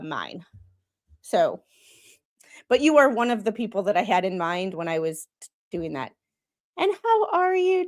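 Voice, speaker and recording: A woman from Wisconsin with a Wisconsin accent, chatting casually with viewers on a live stream and chuckling as she reacts. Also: medium pitch. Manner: chatty, chuckles often, talks straight to viewers. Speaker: streamer reacting to body cam footage.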